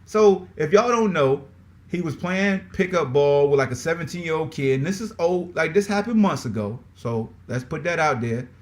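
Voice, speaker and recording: A man hosting a sports podcast in casual talk, exasperated and animated, firing off repeated rhetorical questions. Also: fairly high pitch, moderate pace. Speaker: podcast host.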